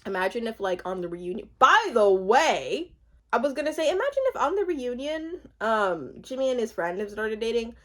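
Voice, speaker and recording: A chatty woman recapping reality TV in a relaxed, giggly way. Her voice sits fairly high and swings widely in pitch. She laughs easily between her thoughts. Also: moderate pace. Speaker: TV recap vlogger.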